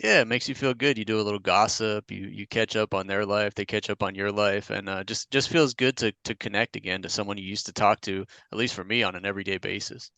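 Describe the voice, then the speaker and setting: A man's voice: lowish voice, steady tone, quick pace, vocal fry, hardly any pauses, pushed and bright, dry recording. A man co-hosting a podcast in casual chat, telling stories in an easygoing way. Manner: easygoing storytelling with frequent restarts. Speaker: podcast co-host.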